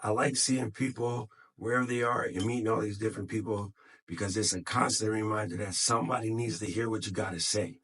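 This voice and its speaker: A man's voice: fairly low pitch, fairly even intonation, fairly quick, fairly bright tone, breathy edge. A man talking casually to camera, encouraging other podcasters in a tired voice, recorded on his phone. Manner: encouraging, motivational, loose and unscripted.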